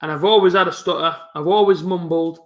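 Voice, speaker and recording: Fast-mumbling lad, echoey room. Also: male voice, high-pitched, steady tone. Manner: fast-talking, mumbling, with a stutter. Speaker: football fan streamer hosting a live match watch-along. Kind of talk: casual live-stream chat.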